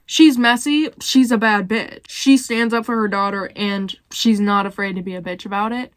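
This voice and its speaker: A woman's voice: medium pitch, steady tone, normal speed. A young woman giving blunt, opinionated commentary with casual swearing as a video host. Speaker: YouTuber ranking reality show cast.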